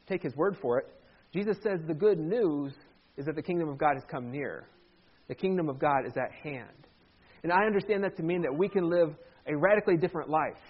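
A man's voice: high-pitched, husky, muffled recording. A man preaching a sermon as pastor in a church, conversational with joking asides.

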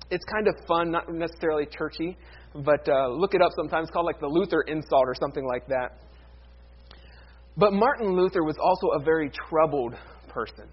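High-voiced husky male preacher. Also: dull audio. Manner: emphatic, swings from loud declarations to hushed near-whispers. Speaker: pastor. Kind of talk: sermon.

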